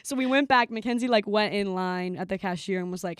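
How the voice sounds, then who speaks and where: A young woman co-hosting a podcast in casual chat, telling stories with lively acted-out quotes. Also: mid-range voice, a little fast, smooth. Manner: animated storyteller, acts out quotes. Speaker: podcast co-host.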